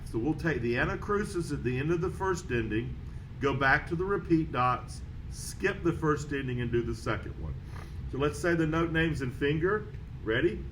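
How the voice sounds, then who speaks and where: A man's voice: fairly high pitch, normal speed, slight background noise, low-quality recording. Man teaching trumpet, counting off. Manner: steady counting and calling note names. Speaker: music teacher. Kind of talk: band method lesson.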